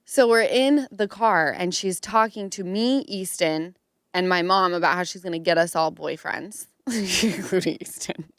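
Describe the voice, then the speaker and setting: A woman hosting a podcast, telling a story in casual chat and acting out quotes in a higher voice. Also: moderate pace, fairly bright tone, no room sound, clean studio sound. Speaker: podcast host.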